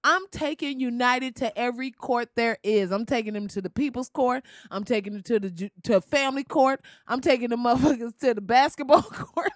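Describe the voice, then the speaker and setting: Loud, laughing woman ranting profanely. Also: a little high, brisk, few pauses, no room sound, studio quality. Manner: loud, laughing, swearing, animated storytelling. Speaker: commentator. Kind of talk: profane comedic rant.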